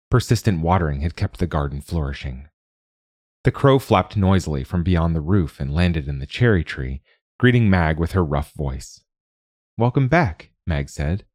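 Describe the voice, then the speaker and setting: A man reading a fairy tale aloud in a calm, even storytelling voice. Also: rumbling low, no room sound, clean studio sound. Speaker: narrator. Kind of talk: scripted storybook narration.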